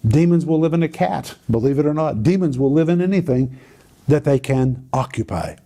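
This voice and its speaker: Male Bible teacher, slightly high and warm, dramatic emphatic delivery for a teaching show. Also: lively intonation, normal speed. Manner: emphatic, dramatic storytelling with repeated phrases.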